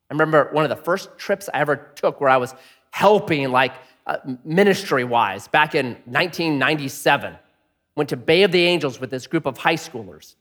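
A middle-aged male pastor with a high voice preaches a lively sermon, swinging widely in pitch. He jokes and acts out the voices of the people in his story. His voice rings with the long reverb of a church hall. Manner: animated, jokey, acts out voices.

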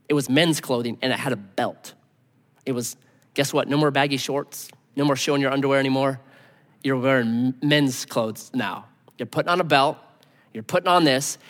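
A man preaching with a high, very lively voice that swings between punchy emphasis and hushed near-whispers. His casual, conversational sermon rings out with long reverb in a church hall. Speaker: pastor.

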